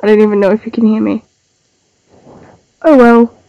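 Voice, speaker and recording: Sick with a cold, a young livestreaming artist from Australia talks casually while she draws, sounding nasal and stuffed up. Her medium-pitched voice is warm and steady at a normal speed. Her desk microphone gives a lo-fi sound with no room sound.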